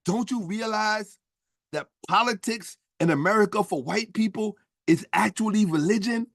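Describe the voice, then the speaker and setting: A man's voice: high-pitched, moderate pace, gravelly, no room sound, clean studio sound. A man voicing a cocky little male bird who hurls crude insults in a taunting way.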